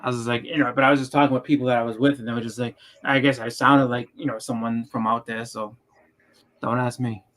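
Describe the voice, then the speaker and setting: A man with a thick Boston accent, co-hosting a podcast in casual chat, talking in quick, stumbling bursts full of fillers. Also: mid-range voice, little pitch movement, a bit bright. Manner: rapid, stumbling delivery with many fillers. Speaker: podcast co-host.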